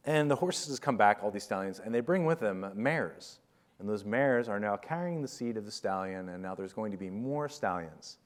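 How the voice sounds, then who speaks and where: A man giving a motivational conference talk, telling a parable in a jokey, rambling, animated way. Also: fairly low pitch, normal speed, big-room sound. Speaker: conference keynote speaker.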